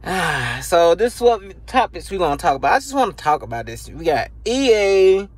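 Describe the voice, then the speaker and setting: Animated high-voiced man ranting about games. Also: normal speed, no room sound. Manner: profane, animated, laughs often. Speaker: gaming YouTuber. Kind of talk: casual rant to camera. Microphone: phone camera.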